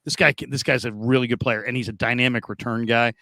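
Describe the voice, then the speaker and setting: A middle-aged sports talk host with a gravelly, bright voice pitched a little high, spinning animated stories and stumbling over restarts as he goes. The sound is close and dry, with no room around it. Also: quick pace, no echo. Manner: animated, stammering restarts, lively storyteller. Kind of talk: casual storytelling and sports talk.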